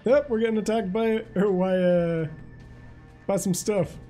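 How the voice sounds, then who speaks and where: A man streaming a game, joking and excitable, laughing often. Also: high-pitched, measured pace, soft background music. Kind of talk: casual gaming commentary.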